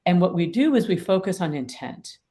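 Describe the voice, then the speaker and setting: A woman's voice: fairly low pitch, sing-song, a little fast, mellow. A middle-aged woman, an attorney mediator and author, explaining her ideas emphatically with vivid everyday examples in an interview. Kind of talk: interview conversation.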